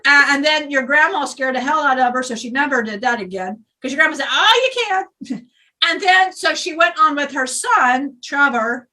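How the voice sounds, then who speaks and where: A boisterous male spirit with a bar-room swagger rambles and jokes, as a woman channels him. The voice sits high and bright and is heard a little off the mic. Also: distant mic. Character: rowdy joking male spirit, a bar-loving flirt.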